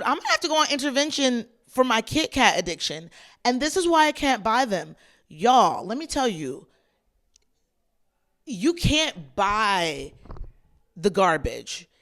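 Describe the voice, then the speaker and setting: A woman's voice: on the high side, fairly bright tone. A young adult woman hosting her own podcast, chatting casually and playfully straight to her listeners. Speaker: podcast host. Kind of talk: casual solo podcast chat.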